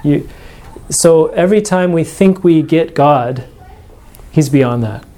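A man's voice: a little high, slow pace, dark tone. A man giving a classroom lecture to a small group, thinking aloud with frequent restarts and asides. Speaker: religion class teacher.

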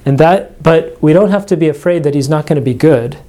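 A man's voice: a little high, brisk, dark tone. A man giving a classroom lecture to a small group, thinking aloud with frequent restarts and asides. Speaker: religion class teacher.

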